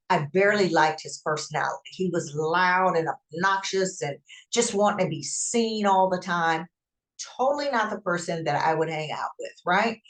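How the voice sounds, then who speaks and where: A woman hosting a podcast, telling a personal story in an emphatic, animated way and acting out what people said. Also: lowish voice. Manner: emphatic, animated retelling with acted-out quotes. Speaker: podcast host.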